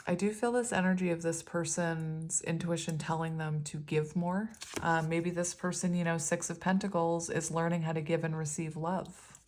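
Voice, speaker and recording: Woman, tarot reader, casual reading, low-pitched, rambling, giggly. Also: steady tone, normal speed, hardly any pauses, a little mellow, a little hiss or hum. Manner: chatty, often breaks into giggles; loose and rambling, many ums and self-corrections.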